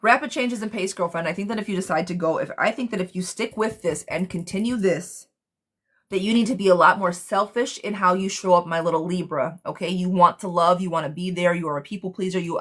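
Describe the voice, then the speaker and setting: A woman hosting a casual live tarot reading for viewers. She talks bluntly and excitably, using pet names and swearing. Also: lowish voice, a little fast.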